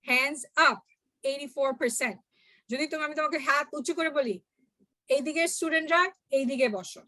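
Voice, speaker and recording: A young woman giving a workshop talk, addressing the audience directly in an animated way. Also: high-pitched, dry recording. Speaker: workshop speaker. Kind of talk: workshop talk mixing two languages.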